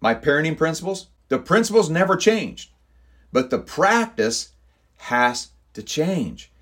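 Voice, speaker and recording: A man's voice: fairly high pitch, very animated, measured pace. A middle-aged man hosting a leadership podcast, talking casually and telling family stories, with lots of "man" and "you know". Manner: folksy, storytelling, fills with "man" and "you know". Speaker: podcast host.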